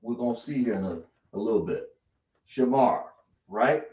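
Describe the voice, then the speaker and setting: A man teaching a class, slowly spelling out sounds and quizzing his students. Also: medium pitch, a little mellow. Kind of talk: classroom lesson. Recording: roomy, dull lo-fi sound.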